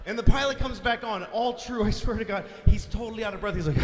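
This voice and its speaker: A man telling a stand-up story, animated and profane, often shouting his punchlines. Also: high voice, fast talker, hardly any pauses. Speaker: stand-up comedian. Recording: reverberant live venue, faint hiss.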